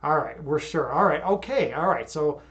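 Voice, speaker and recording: A young man livestreaming in a casual, hyped-up mood, reading out chat and reacting. He rambles, repeats words and laughs at himself. His voice sits a little high for a man. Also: expressive, moderate pace, a bit bright, dull audio. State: hyped up after yoga. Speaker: livestream host.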